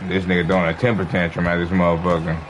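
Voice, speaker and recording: A man's voice: low-pitched, flat delivery, very fast, a crowd in the background. A man streaming a basketball video game live, ranting profanely and exasperatedly at another player. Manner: profane, exasperated trash talk. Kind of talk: casual gaming commentary. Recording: background noise.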